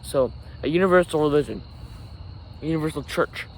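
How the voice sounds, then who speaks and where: A man hosts a laid-back solo podcast outdoors near a forest, filming himself with a camera as crickets and insects sound in the background. His voice is a little high and a little fast, he wanders and self-corrects, and there's slight background noise.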